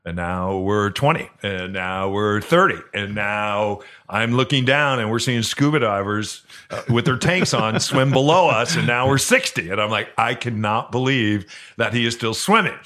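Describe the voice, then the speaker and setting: Podcast co-host, male, slightly low voice, earnest storyteller who often stops and restarts. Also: expressive, bright, forceful tone. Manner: earnest, halting with repeated restarts. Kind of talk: storytelling in casual chat.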